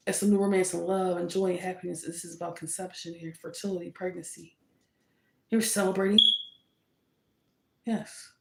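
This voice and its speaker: Gravelly-voiced woman giving a tarot reading. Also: lowish voice, flat delivery, moderate pace, pauses often, mellow. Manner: emphatic, scolds with indignant rhetorical questions. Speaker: tarot reader. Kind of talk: casual tarot reading to camera. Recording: echoey room.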